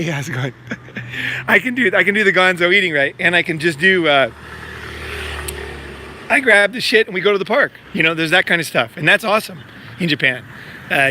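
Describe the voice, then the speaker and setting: A vlogger promoting a meetup rambles in casual, profane talk, piling up fillers and repeating himself. His voice is fairly high and sharp, with slight background noise.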